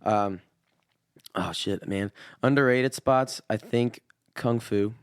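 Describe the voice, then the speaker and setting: This is a young Midwestern man talking with a loose, slangy, laid-back ease. His voice sits a little low. It is recorded close, with a dry sound and no room echo. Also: slow, clean tone. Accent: Midwestern American. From American Midwest. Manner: laid-back and slangy, calls everyone dude. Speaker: podcast guest. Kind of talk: casual chat.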